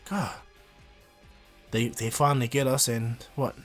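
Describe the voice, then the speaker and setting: A blunt, serious young male ninja, voiced by a man in a casual fan-told story. He speaks in a dry, short-tempered way at an ordinary middle pitch. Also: steady tone, measured pace, soft background music, natural voice.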